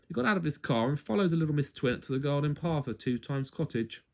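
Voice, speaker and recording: A man reading a children's story aloud at home in an expressive, playful way. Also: fairly high pitch, fast talker, creaky.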